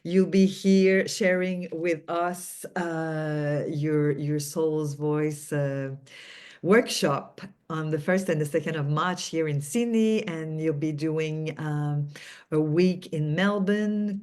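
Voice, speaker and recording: A woman with a low voice hosts the interview, asking long, winding questions. She hesitates often, restarting her sentences as she goes. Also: slow, darkish tone. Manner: rambling, hesitant, many fillers and restarts. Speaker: interview host.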